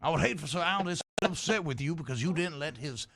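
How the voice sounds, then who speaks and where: Man playing a pushy, overly polite gentleman. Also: on the high side, expressive, quick pace, background noise, voice pushed up. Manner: fussy, florid politeness with stammered fillers. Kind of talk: tabletop role-play.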